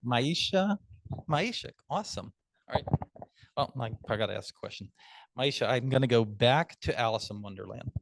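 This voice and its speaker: A man's voice: mid-range voice, lively intonation, moderate pace, gravelly, no room sound. A man leading table topics at a club meeting, chatty and upbeat with storytelling asides.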